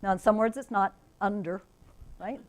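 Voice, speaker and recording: A woman who teaches reading methods at a university, giving a lively professional development lecture to teachers and often checking in with the audience. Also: mid-range voice, normal speed, low-quality recording. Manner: enthusiastic, asks the audience questions, frequent "right?". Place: conference room.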